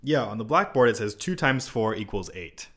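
Relaxed American man chatting. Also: medium pitch, normal speed. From United States. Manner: relaxed, chatty, laughs easily. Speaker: English teacher co-host. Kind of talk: casual podcast chat.

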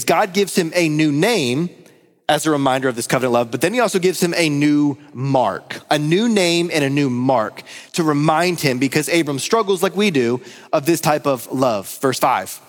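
A man's voice: fairly high pitch, animated, moderate pace, in a large hall. A man preaching a sermon, pastor of a church, addressing listeners with repeated questions. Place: church sanctuary.

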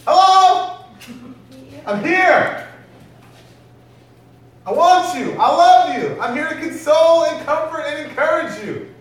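A preacher putting on the voice of the Holy Spirit, tender and eager to love, pitched up high and pleading with real urgency. The sound is distant and washed in the echo of a large hall. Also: male voice, expressive, takes it slowly, long pauses, exaggerated voice. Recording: echoey hall from far off.

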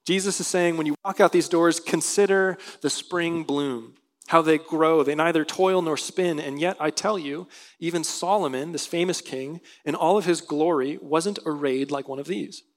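A man's voice: a little high, normal speed. A male pastor preaching a sermon, reading scripture aloud and explaining it earnestly. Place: church sanctuary.

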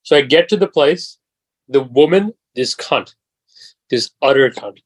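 A man in his twenties telling a profane, animated story as a podcast host in casual chat. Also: mid-range voice, measured pace, slightly rough, dry recording, low-quality recording. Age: 20s.

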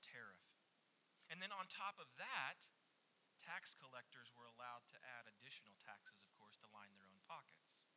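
Pastor, male, preaching; bright, cutting tone, hushed asides; light hiss. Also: medium pitch, moderate pace, low-quality recording. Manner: expressive preaching, swinging from loud emphasis to hushed near-whispers. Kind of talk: sermon.

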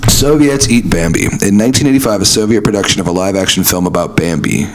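A man hosting a podcast, chatting casually and reading odd news aloud with animated delivery. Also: fairly low pitch, fast talker, noisy background. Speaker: podcast host. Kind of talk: casual chat.

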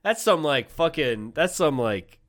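A man's voice: fairly high pitch, very animated, unhurried, fairly bright tone. A man co-hosting a comedy podcast, chatting casually, incredulous and profane, laughing often. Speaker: podcast co-host.

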